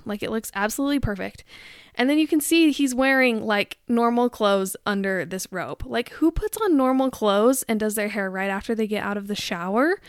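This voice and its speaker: A woman's voice: medium pitch, vocal fry, no echo, clean studio sound. A woman hosting her own show, chatting and ranting in a rambling, amused, exasperated way. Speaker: host. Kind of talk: casual chat rant.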